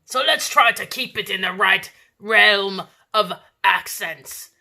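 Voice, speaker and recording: A woman teaches an online art lesson for kids, slipping in and out of hammy, theatrical pirate talk. Her mid-range voice is bright and forceful with vocal fry, and she takes it slowly.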